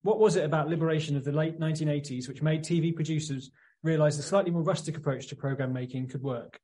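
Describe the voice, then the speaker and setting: A man's voice: fairly high pitch, fairly even intonation, fast talker, dark tone. A man, asking formal prepared interview questions.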